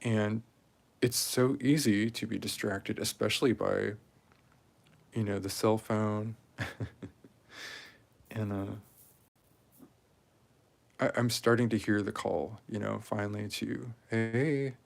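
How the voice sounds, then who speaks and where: A man in his forties talking casually and rambling while he strings beads, with many pauses and fillers. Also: fairly low pitch, steady tone, vocal fry. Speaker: craft video maker. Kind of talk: casual talk while crafting.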